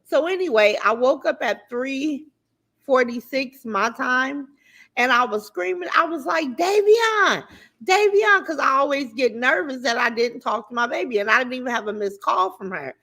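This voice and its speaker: A woman hosting a casual livestream, greeting viewers by name and chatting in a lively, talkative way with features, swearing now and then. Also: high-pitched, moderate pace. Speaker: livestream host.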